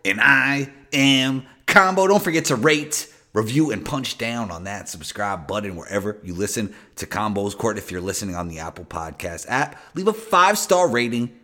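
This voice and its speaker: A man's voice: on the low side, animated, moderate pace, hardly any pauses, bright, forceful tone. A man hosting his own podcast, reading an upbeat promotional intro and then chatting easily with a guest. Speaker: podcast host.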